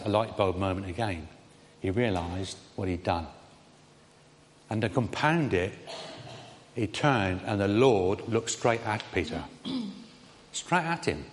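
A man's voice: on the low side, slight background noise. Man preaching in a reverberant hall. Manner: conversational, rising on questions and quotes, dropping soft on tender lines. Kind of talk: sermon.

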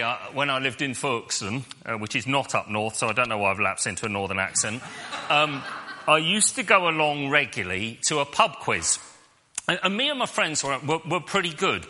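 A man's voice: mid-range voice, bright, forceful tone. A man preaching, telling a humorous self-deprecating story to a congregation. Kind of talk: sermon storytelling.

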